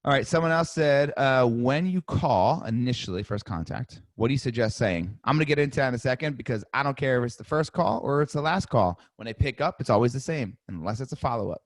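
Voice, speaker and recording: Male sales coach, mid-pitched voice, dry recording, lively and demonstrative. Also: brisk, few pauses, no echo. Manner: energetic, demonstrative, acts out sales calls. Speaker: real estate coach. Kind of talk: live webinar teaching.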